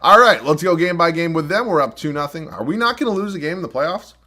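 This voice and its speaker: A man's voice: a little high, animated, fast talker, sharp tone. A young man commenting live on his own basketball video game, self-deprecating and prone to frustrated, swearing outbursts. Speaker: gaming YouTuber.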